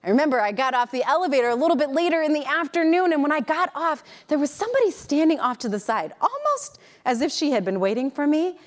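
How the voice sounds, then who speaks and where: A middle-aged woman telling a personal story as a keynote speaker, animated and acting out the voices of people in it. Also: sits high, fast talker, hardly any pauses. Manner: animated, acts out quoted voices. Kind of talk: storytelling talk to an audience.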